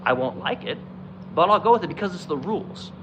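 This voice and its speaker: A man's voice: on the high side, expressive, a little fast, dull audio, background noise. A man hosting a political livestream, ranting in a profane, exasperated way and mocking politicians in quoted voices.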